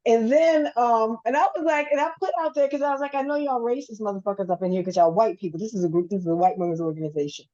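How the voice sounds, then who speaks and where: A woman with a fairly high voice tells a story in casual conversation, acting out each person's lines and swearing freely. Her voice comes through a dull, lo-fi remote call. She is the host, and she swings between voices as she goes. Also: quick pace, few pauses. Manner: animated storytelling, acts out quotes, swears freely. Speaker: podcast host.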